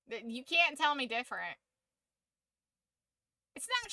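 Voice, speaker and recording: A woman's voice: high-pitched, sing-song, unhurried, pauses often, sharp tone, no echo. A woman streaming a game, chatting casually with rambling, joking, opinionated asides. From United States. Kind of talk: casual chat while gaming on stream.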